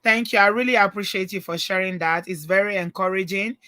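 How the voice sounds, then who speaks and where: A woman with a Nigerian accent hosting a live call-in talk show, telling stories in an animated, preachy way. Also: mid-range voice, fairly quick, no echo, studio quality. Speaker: host.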